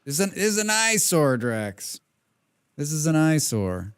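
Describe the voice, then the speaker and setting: A man's voice: a little high, sing-song, unhurried, clean tone. A man streaming a building game, chatting casually with viewers, rambling, humming and muttering to himself, with the odd casual swear. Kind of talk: casual live-stream chat while playing.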